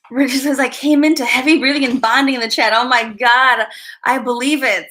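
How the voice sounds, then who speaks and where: A woman's voice: sits high, steady tone, fairly quick, sharp tone. A woman hosting a casual live stream, chatting with her viewers, giggly and easily distracted. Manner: giggly, easily distracted, greets chat by name.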